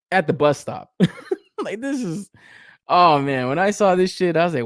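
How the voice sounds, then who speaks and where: A man's voice: moderate pace, long pauses, no room sound, clean studio sound. A man hosting a toy podcast. He talks in a casual, swear-filled style, rants about a figure, and laughs often. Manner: animated, swears a lot, laughs often, rants with rising pitch. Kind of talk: casual review chat.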